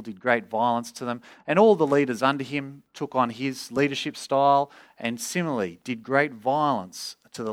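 A man preaching an expository sermon, earnest, rising in pitch when he voices pleas to God. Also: fairly bright tone.

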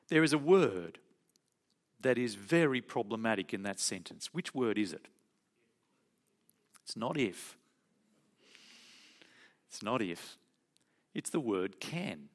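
A man preaching a sermon, expressive, acting out quoted lines and dropping into soft asides. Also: on the low side, slow pace, long pauses.

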